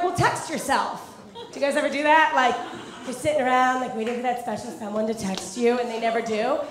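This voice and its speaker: A woman's voice: high-pitched, noisy background. A young woman performing a stand-up set in a comedy club, talking in a chatty way full of "like" and laughing at her own jokes. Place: comedy club with live audience. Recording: echoey club with crowd. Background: audience laughter.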